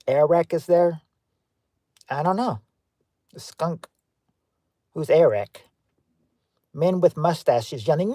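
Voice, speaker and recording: A man's voice: fairly high pitch, lively intonation, slow pace, pauses often, a little mellow, no room sound. A man hosting a livestream game show, reading out viewers' guesses and greeting them by name in an offhand, chatty way. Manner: offhand, with frequent fillers and restarts.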